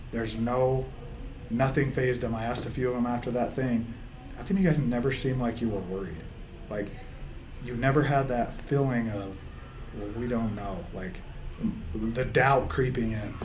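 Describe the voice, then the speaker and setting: A man's voice: mid-range voice, darkish tone, slight background noise. A man, a football coach, speaking in an interview, rambling with restarts and reliving his team's season. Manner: gets choked up, laughs through tears. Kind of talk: emotional interview reflection.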